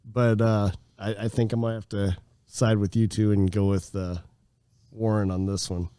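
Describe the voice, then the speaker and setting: A man's voice: fairly low pitch, flat delivery, normal speed, warm tone, clear, resonant tone, dry recording, clean studio sound. A man hosting a podcast, moderating a casual debate in an easygoing way and thinking aloud as he goes. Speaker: podcast host.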